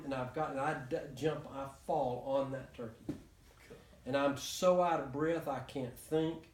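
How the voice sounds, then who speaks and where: A man's voice: mid-range voice, fairly even intonation, measured pace, slight background noise. A man telling a story to a small group, rambling with many restarts and chuckles. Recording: echoey room, mic from far off.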